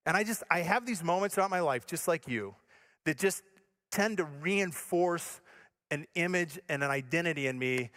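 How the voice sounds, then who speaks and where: Animated high-voiced pastor telling a story. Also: male voice, normal speed. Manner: animated, self-mocking storyteller. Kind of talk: sermon with a comic personal story.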